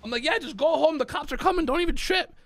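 High-pitched guy streamer telling a wild story to chat, loud bursts, bright dry sound. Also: fast, no room sound. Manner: animated, swearing, laughing, acting out shouts. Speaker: streamer playing a police officer. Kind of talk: casual storytelling to chat while playing.

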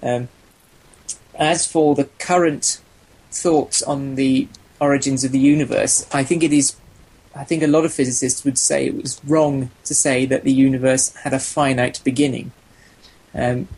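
A man talking casually on a podcast, explaining points in a measured way, with a husky voice. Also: mid-range voice, steady tone, darkish tone, rough recording.

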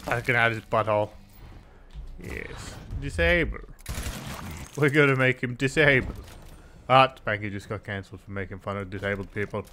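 Bright-voiced man yelling at a video game. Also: lowish voice, brisk, slight background noise. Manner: crude, taunting, yells at characters; excitable, cheers and shouts. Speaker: gameplay commentator. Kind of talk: playthrough commentary.

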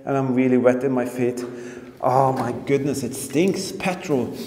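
A man exploring an underground bunker, talking to his camera in excited bursts and often repeating himself, recorded on a handheld camera. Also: medium pitch, measured pace. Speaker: history explorer vlogger. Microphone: handheld camera mic. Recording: echoey bunker with long reverb, faint noise.

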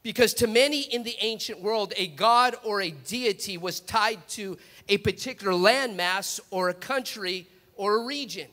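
A male preacher delivering an animated sermon, his voice high and bright. He often restarts his phrases as he tells his story, and the long reverb of a large church sanctuary hangs on every word. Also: moderate pace, few pauses.

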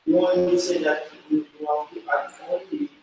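A man asking a teacher a question in class, halting and hesitant. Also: high-pitched, very animated, vocal fry, darkish tone, slight background noise. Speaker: student. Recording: distant, echoey classroom voice.

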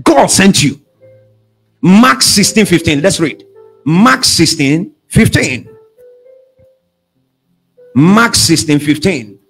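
A man preaching a sermon as pastor, calling out questions for the congregation to answer and shouting at the peaks. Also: high voice, big pitch swings, takes it slowly, pauses often, breathy edge, soft background music.

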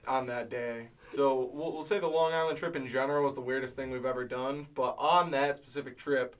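A man's voice: mid-range voice, brisk, distant mic. A man from a band telling road stories in a casual interview, laughing often as he talks. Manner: animated storyteller, laughs often. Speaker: band member. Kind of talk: casual chat. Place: band practice space.

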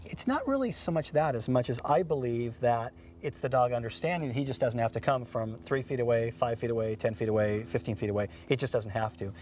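Fast-talking man hosting a dog training show. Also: medium pitch, darkish tone, slight background noise. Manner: upbeat, explanatory, many fillers and restarts. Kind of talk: instructional TV show.

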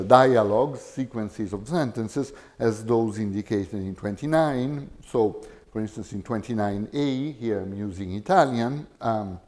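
A middle-aged man giving an academic linguistics lecture, measured and full of hesitations. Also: on the low side, warm tone. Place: lecture hall.

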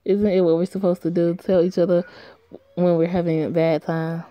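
A woman's voice: fairly low pitch, flat delivery, normal speed, no room sound, highs cut off, close to an everyday voice. A woman reading aloud the lines of a caring young man in an earnest, plain way. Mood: upset. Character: caring young man, upset but tender. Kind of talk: reading a story game aloud.

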